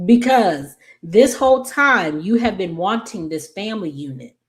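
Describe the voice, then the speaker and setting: A woman's voice: mid-range voice, lively intonation, measured pace. A woman casually recapping a soap opera episode, rambling with many fillers and self-corrections and talking back to the characters. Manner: opinionated, talks back to the characters.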